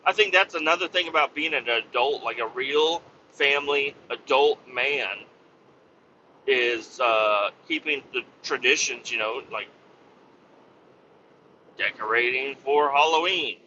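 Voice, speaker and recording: A man's voice: mid-range voice, measured pace, pushed and bright, muffled recording, slight background noise. A man rambling casually about family life, swearing freely and joking at his own expense, full of fillers. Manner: profane, rambling, self-mocking with many fillers. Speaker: podcast host and family man.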